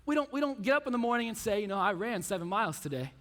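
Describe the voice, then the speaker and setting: Animated high-voiced man preaching in a hall. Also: very fast. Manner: casual, animated storytelling with frequent asides. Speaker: youth pastor. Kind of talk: sermon. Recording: reverberant hall.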